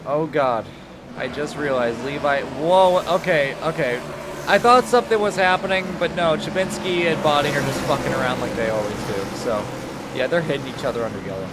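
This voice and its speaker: A man doing casual race commentary, swearing freely and getting loud for the action. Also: on the high side, fairly quick. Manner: loose, swearing, rising to excited calls. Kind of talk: casual sim-racing commentary. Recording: noisy background.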